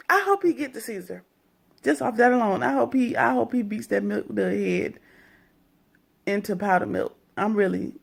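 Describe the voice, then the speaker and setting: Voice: medium pitch, vocal fry. A reality TV reviewer giving a casual, slangy recap, retelling scenes in mock quotes with plenty of profanity.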